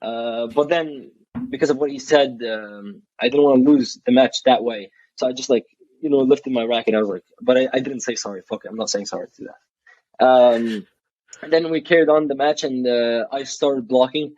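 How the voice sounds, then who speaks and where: A man's voice: medium pitch, normal speed, a little mellow. Frank young man telling a story. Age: young adult. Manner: frank, swears casually, frequent restarts. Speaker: guest, college athlete. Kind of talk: casual storytelling interview. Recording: dull, dry recording.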